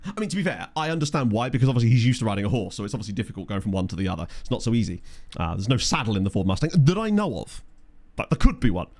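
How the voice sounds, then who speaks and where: A man's voice: lowish voice, very animated, rapid-fire, darkish tone. A man with a chatty, jokey manner, live-streaming a management game and reading out stats while talking to chat.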